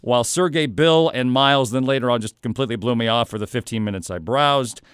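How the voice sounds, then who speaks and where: Animated man telling a story, smooth dry voice. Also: mid-range voice, fast, no echo. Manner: animated, conversational, playful asides. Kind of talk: casual storytelling monologue.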